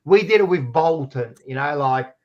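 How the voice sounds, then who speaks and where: A man's voice: fairly high pitch, animated, normal speed, highs cut off. A man hosting a casual footy podcast, rowdy and egging on the live chat. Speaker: podcast host.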